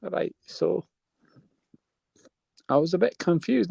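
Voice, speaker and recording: A man's voice: sits high, measured pace, creaky, darkish tone, no echo. A man telling a long rambling story on a live panel, checking in with his listeners. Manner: rambling, keeps checking in with "right?".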